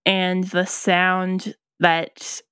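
A woman's voice: on the low side, level tone, very slow, fairly bright tone, clear, resonant tone, no echo, clean studio sound. A woman co-hosting a podcast, musing casually with many ums and restarts. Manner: thoughtful, hesitant, many ums and likes. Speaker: podcast co-host. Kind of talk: casual chat.

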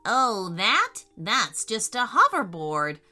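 A woman voicing a friendly little green male alien who speaks in a gentle, reassuring way. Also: medium pitch, very animated, slow pace, faint music behind, exaggerated voice.

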